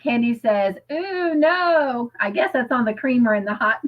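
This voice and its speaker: On dull audio, a woman with a fairly high voice and measured pace co-hosts a crafting livestream. Chatty and prone to giggling, she reads viewer comments out loud and lingers over her stories.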